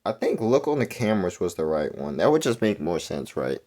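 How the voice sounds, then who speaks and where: A man's voice: low-pitched, a little fast, slight background noise. Rambling young man doing game commentary. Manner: rambling, self-correcting, swings between mumbling and excited outbursts. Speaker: gaming YouTuber. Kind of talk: casual commentary while playing a quiz game.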